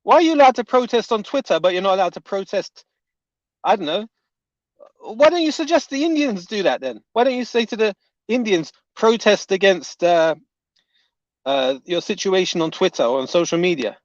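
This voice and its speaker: A man's voice: sits high, very animated, moderate pace, no room sound. A man delivering a heated, indignant reaction rant as an online commentator, often repeating his points. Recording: dull, dry lo-fi audio.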